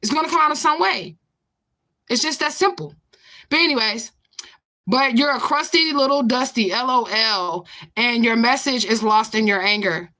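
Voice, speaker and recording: A woman's voice: a little high, animated, moderate pace, sharp tone. A woman in her forties in a confrontational, profane vlog rant, answering a commenter with repeated questions. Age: 40s. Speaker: vlogger. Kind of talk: ranting to camera.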